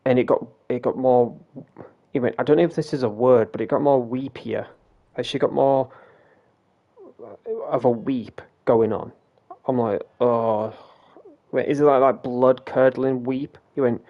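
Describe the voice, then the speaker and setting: Rambling sweary streamer, lo-fi mic. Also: male voice, mid-range voice, a little slow, pauses often. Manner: rambling, swears freely, retells quoted dialogue. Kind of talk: casual storytelling on a game stream.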